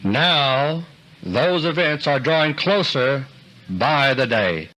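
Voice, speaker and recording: A man reading a scripted political commentary in a grave, deliberate manner, dropping low at the ends of his sentences. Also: expressive, pushed and bright, poor audio. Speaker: commentator delivering an audio newsletter.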